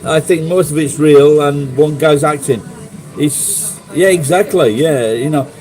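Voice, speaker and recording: Speaking at a measured pace, the livestream host has a fairly high, darkish voice, though the audio quality is poor. He's a middle-aged Englishman with a Sheffield accent, casually chatting with viewers and wandering through stories laced with swearing.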